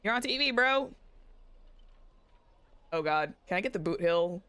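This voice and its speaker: A woman's voice: medium pitch, animated, measured pace, fairly bright tone, clean tone, no room sound. A young woman streaming a game, chatting playfully and giggling while she reads the story text aloud. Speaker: VTuber streamer. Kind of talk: casual game-stream chat, reading dialogue aloud.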